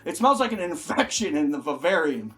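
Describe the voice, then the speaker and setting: A man playing an emotional male clown employee in an improvised comedy sketch, rambling on and bursting into shouted bits. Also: fairly high pitch, very animated, brisk.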